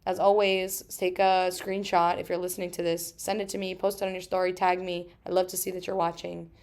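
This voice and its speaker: A woman in her thirties hosting a solo podcast, talking emphatically with frequent swearing and quick asides. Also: on the low side, flat delivery, a little mellow. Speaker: podcast host.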